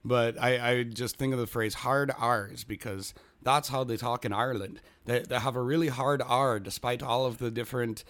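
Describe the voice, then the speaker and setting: A man's voice: mid-range voice, fairly even intonation, moderate pace, a bit bright. A man hosting a podcast in casual chat, recovering from a cold, laughing often and explaining at length. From western United States. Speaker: podcast host.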